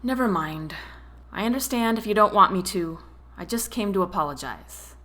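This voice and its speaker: A man's voice: high-pitched, animated, moderate pace, bright, forceful tone, heavily acted. A woman voicing an apologetic young man. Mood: pleading. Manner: pleading, solemn, hesitant.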